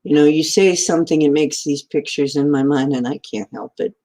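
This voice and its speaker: A woman's voice: deep voice, steady tone, brisk, mellow. A woman hosting a casual live stream from home, greeting viewers by name and rambling in a giggly, stream-of-consciousness way. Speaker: livestream host.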